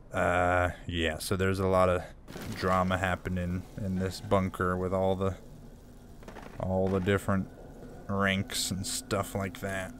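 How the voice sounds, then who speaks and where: A man's voice: sits low, steady tone, slow. A man giving casual, playful let's-play commentary, thinking aloud as he plays a game. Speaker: gaming video creator.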